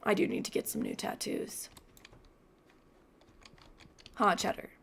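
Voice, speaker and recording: A young woman streaming a game from home on a boom-arm mic, chatting casually and talking to her cat in between. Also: a little slow, a bit bright, a little hiss or hum. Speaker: gaming streamer. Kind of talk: casual gameplay chat.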